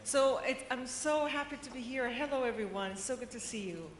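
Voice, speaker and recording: A woman giving a conference keynote, chatty and animated, acting out the people in her stories. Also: fairly high pitch, normal speed, heavy background noise. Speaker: keynote speaker. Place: large conference hall. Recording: roomy hall reverb.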